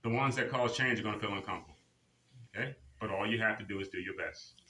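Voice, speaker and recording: A man's voice: fairly low pitch, quick pace. Motivating male fitness instructor, echoey room. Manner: motivating, counts reps in a loud drill-sergeant cadence. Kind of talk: leading a seniors' exercise class. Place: senior center activity room.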